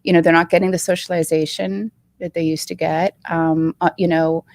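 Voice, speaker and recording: A woman's voice: lowish voice, level tone, normal speed, darkish tone, dry recording. A woman being interviewed about her children's book, telling her story earnestly with frequent ums. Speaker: author guest. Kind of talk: live interview conversation. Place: live online show.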